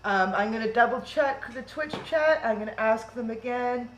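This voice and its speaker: Flustered and chatty, a female event host works through tech problems on a video call during a live-streamed online event, restarting as she thinks out loud. She sounds a little high and keeps a moderate pace, with roomy echo and faint noise around her.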